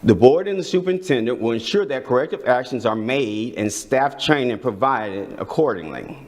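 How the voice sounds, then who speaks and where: A man from the district staff reading a prepared briefing at a school board meeting, measured, with small restarts. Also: medium pitch, animated, a little mellow.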